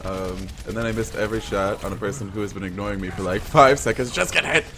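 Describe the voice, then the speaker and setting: A man's voice: lowish voice, steady tone, quick pace, fairly bright tone. A man giving casual, playful gameplay commentary, crude and self-mocking. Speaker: gaming video host.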